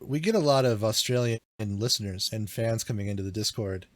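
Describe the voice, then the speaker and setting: A man co-hosting a gaming podcast in casual chat, blunt and quick to swear. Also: on the low side, no echo. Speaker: podcast co-host.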